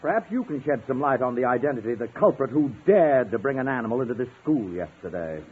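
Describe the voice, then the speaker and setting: A man's voice: mid-range voice, animated, fast, husky. An actor playing a stern, pompous man school official in a 1950s radio comedy. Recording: tinny old radio broadcast with faint hiss.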